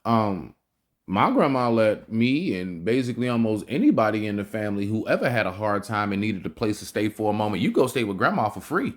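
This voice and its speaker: Man, low voice, animated delivery, slangy casual commentary, reaction host. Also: brisk. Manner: animated, slangy, swears freely.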